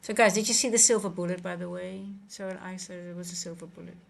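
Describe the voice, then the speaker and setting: A woman's voice: on the low side, fairly even intonation, fast, creaky. A woman from the Netherlands with a Dutch accent, talking casually on a live futures trading stream, answering chat and often correcting herself.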